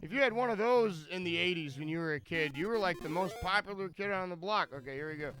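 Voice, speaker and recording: A man's voice: high-pitched, fast talker, a bit bright, soft background music. A man commentating his own game run live, rambling and joking with frequent stammered restarts.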